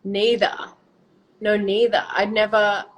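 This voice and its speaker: This young Australian woman's voice sits mid-range, with a level tone and slow pace, and the highs are cut off. She's chatting and giggling on a phone live stream, drifting off into whispers now and then.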